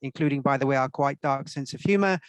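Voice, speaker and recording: A man's voice: medium pitch, fast, smooth, dry recording, low-quality recording. A man speaking as a panelist on a video call, emphatic, repeating key words. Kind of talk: panel remarks.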